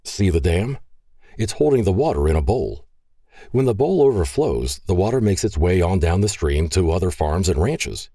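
A man's voice: deep voice, expressive, moderate pace, warm tone, dry recording, studio quality. A man voicing a knowledgeable carriage driver who patiently explains the land. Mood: explaining.

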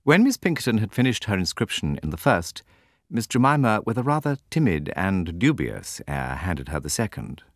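A man with a low voice narrates a classic novel, measured and expressive. His pitch moves a great deal from line to line. The recording is dry and close, with no room sound. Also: dry recording. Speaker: audiobook narrator.

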